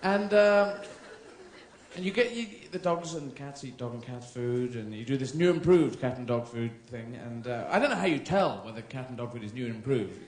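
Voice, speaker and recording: Rambling British stand-up, lively voice. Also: male voice, medium pitch, moderate pace. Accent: British English. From England. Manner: rambling, playful, jumps into silly character voices. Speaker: stand-up comedian. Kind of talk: surreal stand-up routine. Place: large theatre stage. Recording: echoey live theatre recording.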